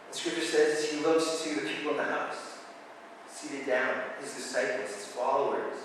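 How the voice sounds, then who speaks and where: A pastor preaches a sermon, addressing the congregation conversationally with relatable asides. His voice is fairly high with little pitch movement and a normal speed. It sounds far off in an echoey hall, with slight background noise.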